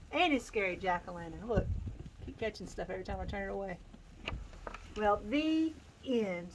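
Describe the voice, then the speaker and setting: A woman's voice: mid-range voice, animated, moderate pace, long pauses, noisy background. A woman hosting a casual picture-book read-aloud outdoors on a farm, laughing often and making playful asides to her animals.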